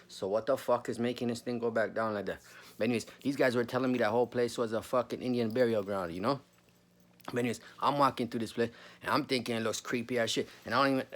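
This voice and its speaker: A man's voice: on the low side, fairly bright tone. A man, telling a story casually, full of slang and swearing. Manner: slangy, swears a lot, says bro often.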